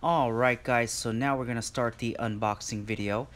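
A man's voice: medium pitch, fairly even intonation, moderate pace, fairly bright tone. A man in a casual vlog, chatting to his viewers with lots of fillers while he unboxes something at home. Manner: chatty, filler-heavy, addresses viewers directly. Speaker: vlogger.

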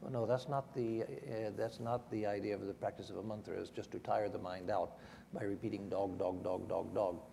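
Man, gravelly mellow voice, measured explaining, hall reverb. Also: on the low side, fairly even intonation. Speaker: panelist. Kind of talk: panel discussion. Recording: hall reverb, faint noise.

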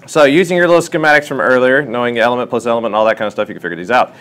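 In a classroom lesson, a man tutoring chemistry works through problems while asking students questions in a lively, questioning way. His voice is medium-pitched and his pace is racing.

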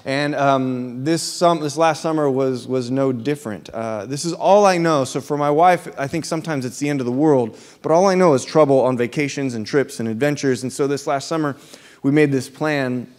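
A man's voice: mid-range voice, moderate pace, darkish tone. A man born in Southern California, preaching as a pastor and telling a story, acting out the dialogue with lots of energy. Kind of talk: sermon storytelling.

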